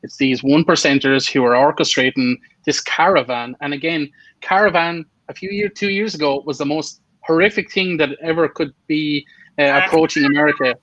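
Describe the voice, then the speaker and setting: A man's voice: fairly high pitch, moderate pace, a bit bright, no room sound, dull audio. A man co-hosting a casual political chat show, blunt and opinionated, swearing freely. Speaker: podcast co-host.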